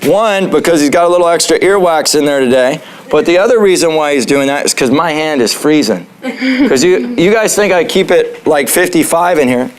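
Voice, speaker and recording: A man with a fairly high voice teaches a health class in his chiropractic office. He keeps it casual and joking, and keeps putting questions to the room. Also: animated, brisk. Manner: joking, asks the audience questions.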